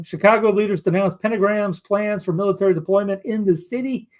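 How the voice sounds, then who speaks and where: A man's voice: sits high, brisk, hardly any pauses. Rambling man reading headlines. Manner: rambling, with restarts and asides. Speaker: commentary show host. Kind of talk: casual news commentary, reading headlines aloud.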